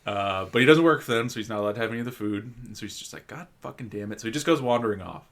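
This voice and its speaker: A man's voice: lowish voice, expressive, rapid-fire, fairly bright tone. A man co-hosting a podcast who retells a story in casual chat, rambling and full of fillers. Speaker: podcast co-host.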